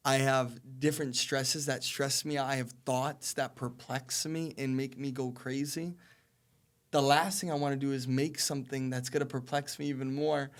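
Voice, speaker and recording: This college soccer player in his twenties speaks as a podcast guest in a casual conversation. His mid-range voice is flat and his pace normal, and he talks earnestly, repeating phrases for emphasis.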